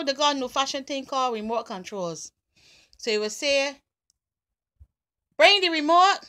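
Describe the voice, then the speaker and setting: A woman with a Barbadian accent, talking casually and deliberately through an accent challenge. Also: fairly high pitch, fairly bright tone. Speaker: vlogger.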